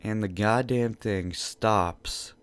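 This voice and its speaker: A man's voice: on the low side, slow pace, clean tone. A man hosting a podcast, telling a casual story in a rambling, profane way that repeats itself, recorded at home. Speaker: podcast host.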